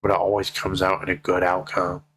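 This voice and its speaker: Deep-voiced man in a tearful vlog. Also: monotone, a bit bright, rough recording. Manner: heartfelt, swears freely, slow pleading emphasis. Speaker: vlogger. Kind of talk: emotional personal vlog.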